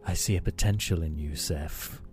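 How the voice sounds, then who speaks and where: A man voicing a sinister male entity who speaks slowly and persuasively, offering a dark bargain. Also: deep voice, faint music behind, natural voice. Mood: menacing, persuasive.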